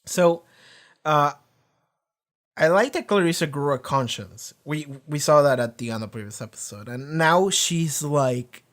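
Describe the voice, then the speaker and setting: A man giving loose, unscripted reaction commentary on a TV episode, rambling with lots of fillers and the odd curse, often trailing off softer at the end of phrases. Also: on the high side, unhurried. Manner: rambling, heavy use of "like", casual swearing. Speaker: TV series reaction streamer. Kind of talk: casual live reaction commentary.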